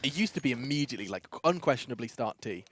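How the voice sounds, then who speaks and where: A young English man doing live esports play-by-play in a playful, quick manner. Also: mid-range voice, lively intonation, a bit bright, slightly rough. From England. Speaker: esports caster. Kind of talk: live match commentary.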